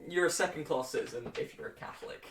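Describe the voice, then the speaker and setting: A man's voice: on the high side, expressive, quick pace, a bit bright, recorded from a distance. A young man talks through a history lesson in a loose, offhand way, tossing in wisecracks and little chuckles. His voice sits a bit back from the mic in a roomy, echoing space, with a faint hiss underneath. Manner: flippant, jokey asides with chuckles. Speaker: history tutor. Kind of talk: casual lecture.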